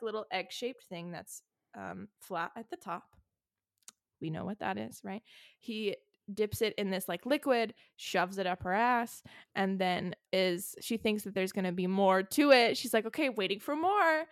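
A woman's voice: mid-range voice, measured pace, no echo, clean studio sound. Chatty woman recapping a book. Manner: chatty, heavy use of "like". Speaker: podcast co-host. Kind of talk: casual book recap chat.

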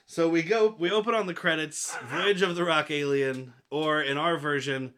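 A man's voice: a little high, steady tone, moderate pace, sharp tone. A man co-hosting a podcast, chatting about a movie in a rambling way, laughing often and making crude jokes. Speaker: podcast co-host. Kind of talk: casual movie-review chat.

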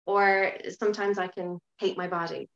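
A woman talking as a podcast guest in casual interview chat, frank and lively, swearing now and then. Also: medium pitch, moderate pace, echoey room, highs cut off. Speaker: podcast guest, yoga teacher.

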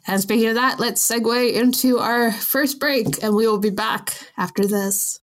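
A woman's voice: on the high side, fairly even intonation, moderate pace, few pauses. A young adult woman co-hosting a podcast in casual chat, playful and self-mocking, laughing often. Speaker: podcast co-host.

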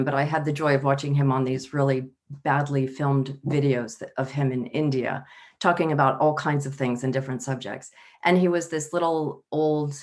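A woman in her fifties, a wellbeing consultant speaking as a panel guest, telling stories and laughing easily. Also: low voice. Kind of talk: casual panel talk.

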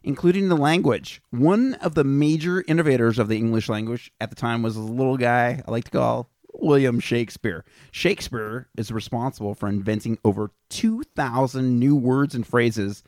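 A man's voice: mid-range voice, moderate pace, hardly any pauses, a little mellow, no room sound. A man co-hosting a casual podcast, reading out history facts and joking with his friends. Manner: joking, reads out facts between banter. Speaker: podcast co-host presenting facts.

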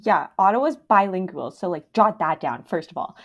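A young woman from Canada co-hosting a podcast, talking in a gushing, animated way full of "like" fillers. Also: fairly low pitch, moderate pace. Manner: animated, filler-heavy, gushing fan talk. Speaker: podcast co-host. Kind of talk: casual chat.

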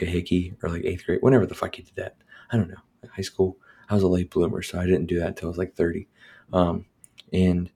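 A man's voice: low voice, mellow, breathy edge. A man hosting a casual solo podcast at home, reviewing a movie in a rambling, profane way full of fillers and restarts. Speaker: podcast host. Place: home recording with his dog nearby.

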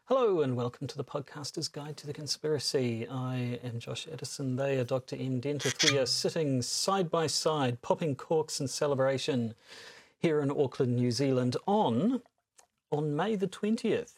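A man's voice: medium pitch, normal speed. A man hosting a podcast in casual chat, with a dry, teasing sense of humor. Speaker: podcast host. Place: recording together in Auckland, New Zealand.

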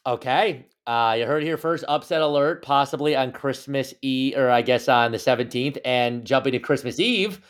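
A man's voice: mid-range voice, moderate pace, hardly any pauses. A man co-hosting a casual sports podcast, teasing and joking as he talks. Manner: playful, teasing, jokey. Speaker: podcast co-host.

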